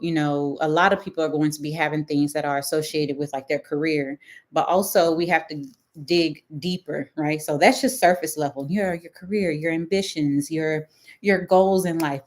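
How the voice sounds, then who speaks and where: Middle-aged Texan woman, deep for a woman, casual live-stream astrologer who keeps asking "right?". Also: steady tone, normal speed. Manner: chatty, checks in with "right?" and "okay?".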